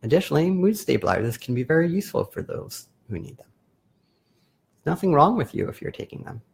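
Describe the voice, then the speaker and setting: A man hosting a live video as a therapist, explaining calmly in a casual, self-correcting way. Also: fairly high pitch, a little fast, creaky, breathy edge. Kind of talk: casual live-stream talk.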